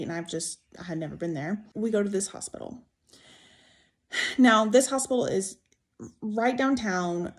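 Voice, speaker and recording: A woman's voice: medium pitch, a little mellow. Emotional young woman telling a ghost story. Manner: emotional, rambling with "like" and restarts. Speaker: TikTok storyteller. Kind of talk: casual ghost story to camera.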